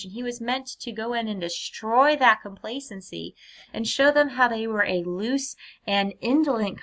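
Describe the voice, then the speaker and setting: A woman teacher giving a recorded lecture in a clear, measured way, often putting questions to her students. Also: medium pitch, a bit bright.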